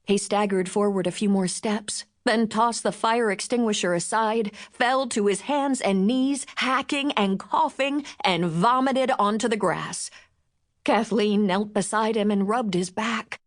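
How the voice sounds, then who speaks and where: A woman narrating a novel in measured, expressive storytelling. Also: mid-range voice. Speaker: audiobook narrator. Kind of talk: scripted audiobook narration.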